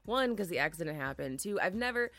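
A woman in her thirties with a low voice talks on a podcast, retelling events at a measured pace and filling pauses with "like" and "um". The sound is dry and close, with no room around it. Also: animated, fairly bright tone, no room sound. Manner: measured retelling with many fillers. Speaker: podcast co-host. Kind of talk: casual podcast chat.

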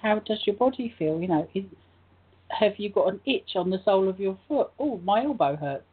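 A woman co-hosting a spiritual talk show, her voice croaky, gently guiding listeners through a meditation. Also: mid-range voice, animated, moderate pace. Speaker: co-host. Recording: tinny phone-like line.

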